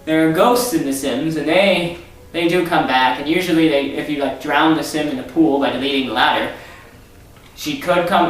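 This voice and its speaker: A man's voice: fairly high pitch, fairly bright tone, recorded from a distance. A man hosting his own vlog, talking in a sarcastic, rambling rant. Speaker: vlog host. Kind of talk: casual vlog monologue. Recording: echoey room, off-mic, faint hiss.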